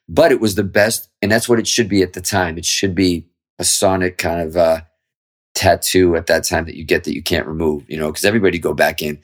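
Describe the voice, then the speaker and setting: A man's voice: low-pitched, steady tone, brisk. A middle-aged man, a guest guitarist in a casual interview chat, explaining his views at length with candid, freely swearing talk.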